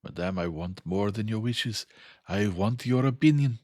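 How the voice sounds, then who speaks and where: A man voicing a formal, fussy older male detective who speaks in an emphatic, deliberate way. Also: lowish voice, darkish tone, dry recording, clean studio sound, pitched above the performer's own voice, lightly acted. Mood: insistent.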